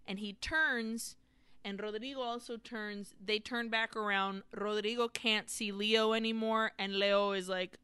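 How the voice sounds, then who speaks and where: A woman co-hosting a casual podcast, walking through a film plot with eager, laughing restarts. Her voice is bright and crisp, recorded close and dry. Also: mid-range voice, a little slow, no echo. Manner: excited, retelling scenes with laughs and restarts. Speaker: podcast co-host. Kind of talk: casual film recap chat.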